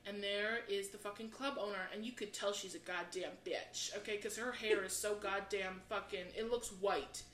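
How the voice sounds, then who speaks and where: Bright-voiced, foul-mouthed woman storyteller. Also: mid-range voice, moderate pace, few pauses. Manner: animated, swears constantly, acts out voices. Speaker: podcast co-host. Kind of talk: profane comedic storytelling. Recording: roomy echo with faint background hiss.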